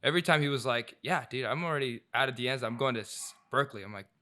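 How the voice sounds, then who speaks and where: A man's voice: mid-range voice, fast, sharp tone. A young man co-hosting a casual podcast, reflecting earnestly on his friends and quoting what they said. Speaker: podcast co-host. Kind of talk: casual chat.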